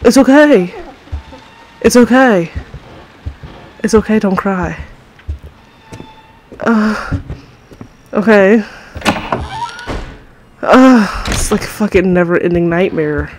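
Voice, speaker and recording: A woman's voice: mid-range voice, takes it slowly, pauses often, a little mellow, slight background noise, poor audio. A woman playing a horror game on her own microphone, panicking, swearing constantly and yelping in fright as she talks to her viewers. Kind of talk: let's play commentary. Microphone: own desk mic, moved back to avoid clipping.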